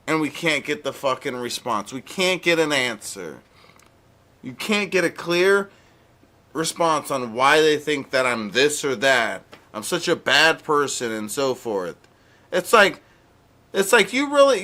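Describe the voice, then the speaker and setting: Pushed and bright, sitting on the high side, a young streamer's voice goes after a chatter during a live stream. The rant is sarcastic and heated, with a mock-pleading edge.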